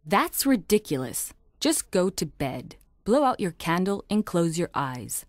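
A woman's voice: fairly low pitch, very animated, unhurried, a little mellow, no echo, clean studio sound. An actress playing a blunt, kind-hearted young American girl who scolds frankly. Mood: scolding. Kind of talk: scripted audiobook drama.

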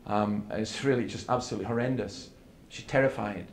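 A man gives an earnest seminar talk in a gravelly, mid-pitched voice. He tells stories and acts out the dialogue. The sound carries echo from a hall, with faint room noise behind. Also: brisk. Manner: earnest, storytelling with quoted dialogue. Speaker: preacher.

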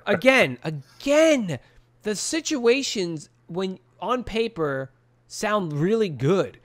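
An excitable man chatting on a casual podcast. His voice sits high and leaps around. He swears often and climbs higher when outraged. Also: slow pace. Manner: excitable, swears a lot, swings pitch up in outrage. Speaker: podcast co-host.

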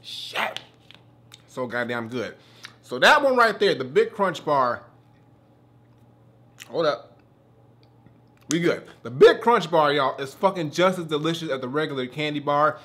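Excitable, profane man reviewing candy. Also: fairly high pitch, measured pace, long pauses. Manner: profane, excitable, talks while eating. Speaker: food reviewer. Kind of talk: casual food review.

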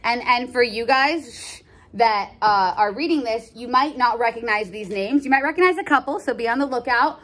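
A woman casually explaining a play in a chatty, slangy, animated way. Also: on the high side, normal speed. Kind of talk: casual lesson with read-aloud scenes.

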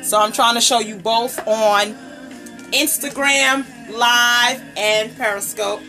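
Bubbly high-voiced woman unboxing live. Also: steady tone, takes it slowly, bright, forceful tone, soft background music, low-quality recording. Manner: bubbly, gushing, greets viewers by name. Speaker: nail polish brand ambassador and livestream host. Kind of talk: casual live unboxing stream. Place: indoors at home, table set up. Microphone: tablet camera microphone.

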